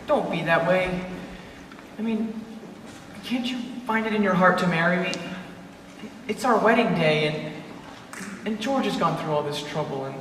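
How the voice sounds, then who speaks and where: A man's voice: high-pitched, noisy background. A man on stage playing an earnest young groom who pleads and stammers. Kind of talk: live stage musical performance. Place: theatre stage. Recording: echoey hall from far off.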